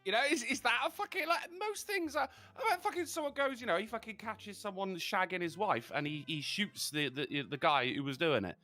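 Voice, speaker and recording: A man's voice: high-pitched, animated, normal speed, hardly any pauses, bright, forceful tone, soft background music. A man co-hosting a casual comedy chat, ranting and firing off crude jokes. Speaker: podcast co-host.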